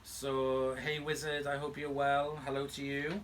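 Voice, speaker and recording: A man's voice: medium pitch, level tone, measured pace, a bit bright, a little hiss or hum. A man hosting a vacuum restoration channel, chatting casually from home in a playful, teasing way. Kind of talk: casual chat. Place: home room.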